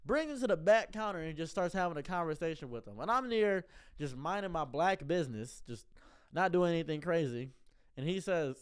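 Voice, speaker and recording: Animated man telling a deadpan story. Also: a little high, fairly quick, smooth. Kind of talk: comedic storytelling.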